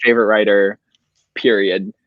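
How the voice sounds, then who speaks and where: A man's voice: lowish voice, level tone, normal speed, no room sound, narrow, tinny audio. A tipsy man hosting a casual book club livestream, emotional and reading passages aloud through a home computer mic on a call. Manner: emotional, reads quotes aloud tearfully. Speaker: show host.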